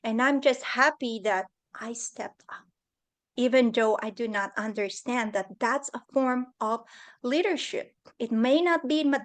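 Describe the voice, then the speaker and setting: A woman with a high voice shares a personal story as a summit guest, in an earnest, heartfelt manner. She speaks at an unhurried, slow pace. The sound comes through a video call.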